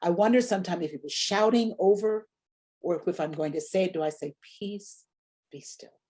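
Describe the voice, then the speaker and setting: A woman's voice: on the low side, a little fast, warm tone. A woman leading a preaching workshop, teaching sermon delivery in a reflective way and posing rhetorical questions.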